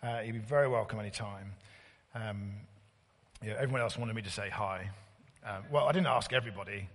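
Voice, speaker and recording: Chatty preacher in a reverberant hall. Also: male voice, on the low side, fairly bright tone. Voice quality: halting, many fillers and restarts. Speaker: visiting preacher. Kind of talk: sermon.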